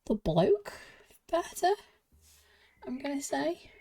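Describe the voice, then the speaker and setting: A woman talks her way through building a Lego set, slow and chatty, her pitch bouncing around as she giggles to herself. She sounds slightly out of breath, with faint game music playing behind her. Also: expressive, dark tone. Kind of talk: casual build commentary.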